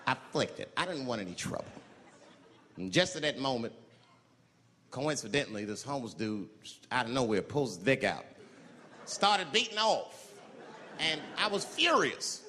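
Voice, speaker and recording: A man telling a stand-up story, animated and jumping into high shrieking voices for the people in it. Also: normal speed, pauses often. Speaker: stand-up comedian. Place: large hall with live audience. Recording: live hall recording with crowd. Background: audience laughter and crowd noise.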